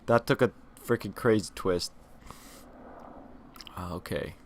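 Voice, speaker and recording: Slow-talking, low-voiced podcast host. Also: male voice, slight background noise. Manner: laid-back, profane, chuckling. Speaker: podcast host reacting to film clips. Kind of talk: casual chat.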